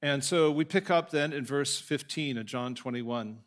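A man preaching a sermon at a mid-range pitch. He reads scripture aloud and then moves into storytelling, keeping a conversational tone with asides and the occasional self-correction. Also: normal speed, few pauses. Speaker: pastor.

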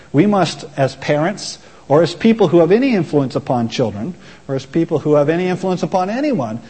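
A man's voice: on the high side, warm tone, breathy edge. Earnest man preaching in a reverberant hall. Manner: earnest and measured, with frequent restarts. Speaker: pastor. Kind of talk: sermon.

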